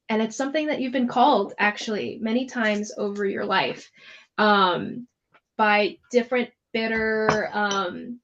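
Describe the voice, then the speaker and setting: A woman running a tabletop game, narrating scenes in a loose, chatty manner. Her voice sits a little high. The audio is dull and lo-fi. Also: a bit bright. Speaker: game master.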